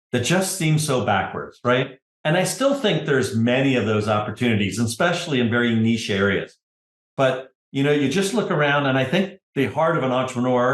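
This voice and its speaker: A middle-aged man speaks as a podcast guest at an average pitch, telling a long story in a loose conversational way. He often adds "right?" and "you know". His voice carries noticeable room echo. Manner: conversational, tag questions, frequent "you know". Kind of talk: casual interview storytelling.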